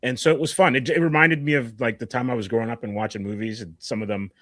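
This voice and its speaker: A man's voice: mid-range voice, steady tone, fast talker, fairly bright tone, no echo, clean studio sound. A man who makes comic books, a guest on a podcast, talking in an easygoing, thoughtful way. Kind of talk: casual chat.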